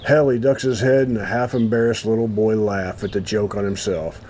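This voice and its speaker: Male host, low voice, casual read-aloud with asides, faint room hiss. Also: steady tone, a little mellow. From United States. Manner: reads haltingly, stops to comment. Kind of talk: casual chat, reading an old article aloud.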